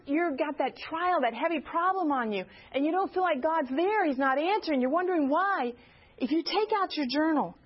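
High-voiced earnest woman at church. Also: lo-fi sound. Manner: earnest, asks the audience direct questions. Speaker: speaker at a church gathering. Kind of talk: informal teaching talk.

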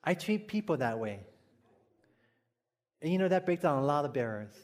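A man's voice: a little high, sing-song, moderate pace. A man from Hawaii with a Hawaiian accent, a pastor preaching a sermon in a storytelling way, often asking the congregation questions and laughing at his own jokes.

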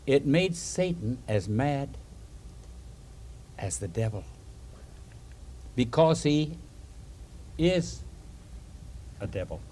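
A man preaching a storytelling sermon, an animated storyteller who chuckles between points and puts questions to his listeners. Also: mid-range voice, drawn-out words, long pauses, husky.

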